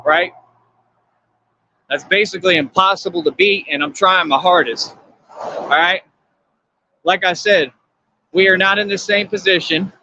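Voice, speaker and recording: A man's voice: high voice, bright, forceful tone, lo-fi sound, slight background noise. A man hosting a livestream, lecturing his viewers in a confrontational, repetitive rant. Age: adult. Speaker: livestream host.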